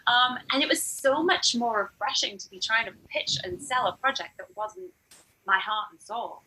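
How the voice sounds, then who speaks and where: A woman who teaches burlesque, chatting in a casual podcast interview and acting out quotes in lively voices. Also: fairly high pitch, a little fast, breathy edge, low-quality recording. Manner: animated, acts out quotes in different voices.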